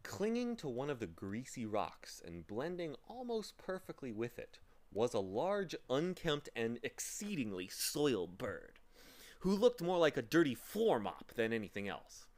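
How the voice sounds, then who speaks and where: A man reading a children's novel aloud with slow, dramatic narration. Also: medium pitch, wildly swooping pitch, darkish tone. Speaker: reader. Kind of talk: storybook reading.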